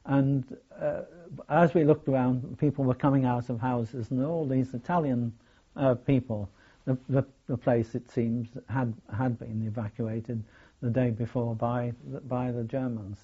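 An older man, recalling his wartime experiences in a hesitant, halting way full of restarts. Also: mid-range voice, fairly even intonation, breathy edge. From England. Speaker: war veteran telling his story. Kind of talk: oral history recollection. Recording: dull lo-fi recording.

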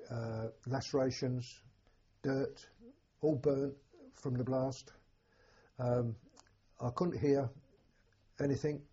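An older English man, a war veteran, telling an oral history in a halting, plain-spoken way with a husky voice. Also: mid-range voice, mellow, lo-fi sound. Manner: halting, plain-spoken storytelling with many restarts. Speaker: war veteran recounting memories.

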